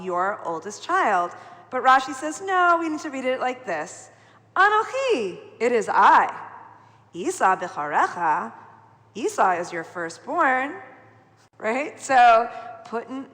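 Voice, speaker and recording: A middle-aged woman leading Torah study in a conversational, animated way, often checking in with "right?". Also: a little high. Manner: chatty, animated, peppered with "right?". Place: large synagogue sanctuary. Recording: long hall reverb from a live broadcast.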